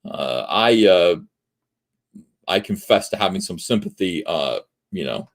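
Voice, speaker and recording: Man, livestream host, angry rant, swears a lot, lively swooping pitch, lots of uhs. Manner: profane, heated, many filler pauses.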